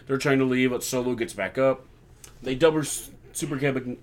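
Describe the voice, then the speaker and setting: A man's voice: medium pitch, fairly even intonation, fairly quick. A young man hosting a casual podcast, chatting through a wrestling recap and acting out lines he quotes. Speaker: podcast host.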